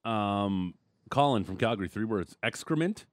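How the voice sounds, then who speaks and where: A man's voice: on the low side, animated, moderate pace, no echo, studio quality. Joking man hosting sports radio. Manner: joking, reads texts and ad reads. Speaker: radio sports show host. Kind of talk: casual radio banter. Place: radio studio.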